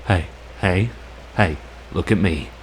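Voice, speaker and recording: A man playing a steady young adventurer who calms a friend with a story. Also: low-pitched, slow, a little hiss or hum, low-quality recording. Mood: calming.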